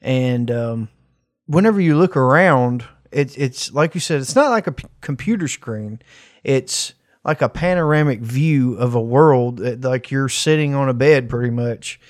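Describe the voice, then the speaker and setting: A man's voice: mid-range voice, lively intonation, measured pace, no room sound. A man co-hosting a casual podcast, telling crude stories in a dry, drawling way. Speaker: podcast co-host.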